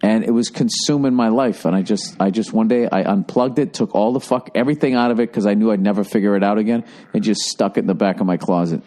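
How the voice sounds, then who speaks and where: A man's voice: fairly low pitch, fast talker, mellow. A man co-hosting a casual comedy podcast, teasing and blunt, swearing freely as he tells stories. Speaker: comedian co-host.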